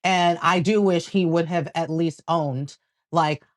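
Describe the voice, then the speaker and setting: A woman co-hosting a casual reality TV recap, talking in a measured way and quoting the people she discusses. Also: fairly low pitch, steady tone. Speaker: co-host.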